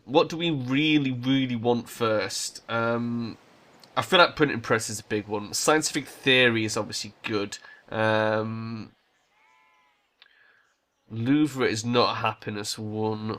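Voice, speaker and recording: A man hosts a let's play of a strategy game, casually thinking out loud and swearing now and then. His voice is mid-range and a bit bright.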